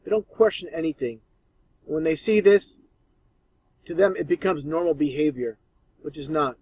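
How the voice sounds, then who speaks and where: Scornful man with a bright, dry voice. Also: a little high, moderate pace, slightly rough, dry recording, poor audio. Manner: scornful, emphatic. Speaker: commentator. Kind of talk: commentary over archive clips.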